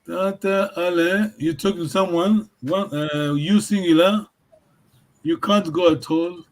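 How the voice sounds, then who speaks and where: A man's voice: high-pitched, steady tone, takes it slowly. A man teaching a language lesson, encouraging his students and often checking that they follow.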